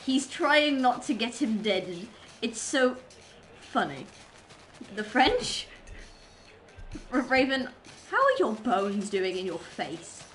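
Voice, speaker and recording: A woman's voice: fairly high pitch, very animated, slow pace, a little hiss or hum. A young adult woman streamer chatting casually while gaming, rambling and silly as she goes. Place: home streaming setup.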